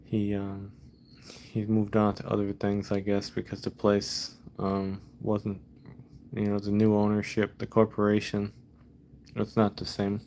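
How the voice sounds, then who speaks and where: A man's voice: fairly low pitch, completely flat delivery, unhurried, darkish tone, a little hiss or hum. A man in a casual vlog monologue, frustrated and profane, rambling and repeating himself. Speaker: vlogger.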